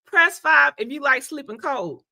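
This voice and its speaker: A woman chatting casually on a livestream, animated and laughing often, her voice congested and hoarse from being sick. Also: high voice, unhurried, no room sound. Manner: chatty, animated, laughs often, addresses viewers as y'all and honey. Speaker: livestream host.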